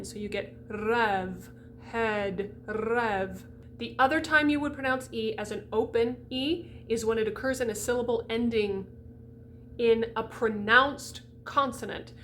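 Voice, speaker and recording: A woman's voice: on the high side, a bit bright, slight background noise. A woman voice coach giving a diction lesson, demonstrating sounds and speaking directly to the viewer.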